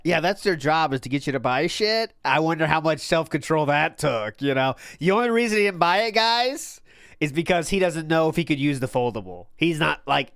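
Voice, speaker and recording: Guy hosting a watch party stream, kinda high voice, sarcastic, swears a lot, dry mic. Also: a bit bright, clean tone, no echo. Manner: sarcastic, profane, laughs often. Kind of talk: casual live-stream commentary.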